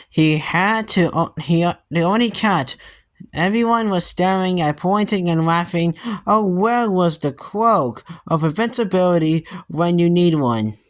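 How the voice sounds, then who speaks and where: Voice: medium pitch, lively intonation, unhurried. A young reader stumbling and restarting while reading a children's book aloud. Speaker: storybook reader.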